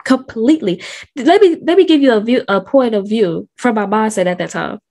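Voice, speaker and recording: A woman's voice: fairly high pitch, animated, a little fast, a little mellow. A woman in her thirties telling a personal story in a candid, conversational way with casual slang, while feeling sick. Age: 30s. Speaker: host.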